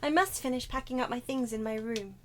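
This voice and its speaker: A woman's voice: a little high, a little fast, slight background noise, close to an everyday voice. A woman voicing a polite, formal young female legal assistant while reading game dialogue aloud. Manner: formal, courteous, gently earnest.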